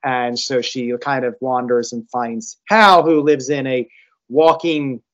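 A man's voice: medium pitch, fairly even intonation, unhurried, a bit bright, highs cut off. A man co-hosting a casual podcast chat, rambling and restarting his sentences as he goes. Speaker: podcast co-host.

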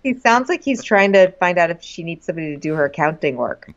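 A woman's voice: fairly low pitch, lively intonation, fast talker, highs cut off. A woman co-hosting a comedic recap podcast, joking in a wry, dry manner. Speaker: podcast co-host.

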